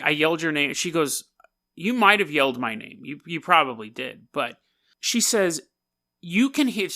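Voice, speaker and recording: Podcast host, male, bright and higher-pitched, animated storyteller. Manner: animated, conversational, quotes friends in his own voice. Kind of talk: personal storytelling.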